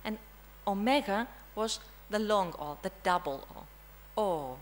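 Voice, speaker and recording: The audio is poor as this woman from Greece, a language teacher with a Greek accent, gives an interactive lesson in a conference room. Her medium-pitched voice is expressive and slow, and she quizzes her listeners, regularly checking in with a questioning "hmm?".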